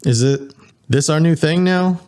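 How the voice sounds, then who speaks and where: A man's voice: a little high, measured pace, a little mellow, clean tone, pitched above the performer's own voice, natural voice. A man voicing a cocky punk dog man. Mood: pedantic. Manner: pedantic, nitpicking. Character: punk male dog biped, pedantic and cocky.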